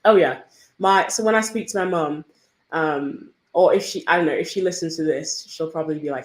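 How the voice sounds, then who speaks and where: A woman's voice: fairly low pitch, sing-song, normal speed. English girl on a podcast, chatty and laughy, sounds a bit echoey. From England. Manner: chatty, laughs often while telling stories. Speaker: guest. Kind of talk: casual interview chat. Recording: roomy echo.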